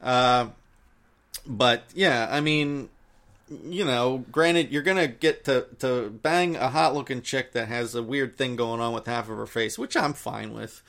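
A man's voice: mid-range voice, measured pace, fairly bright tone. A man in casual chat, retelling a story with lots of swearing and acted-out quotes. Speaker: podcast co-host recapping a story.

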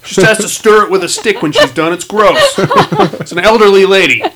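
A podcast host recaps a film plot in a casual, profane chat, swearing a lot and acting out lines from the story in an animated way. His voice is high, his pace moderate, and the recording is very noisy.

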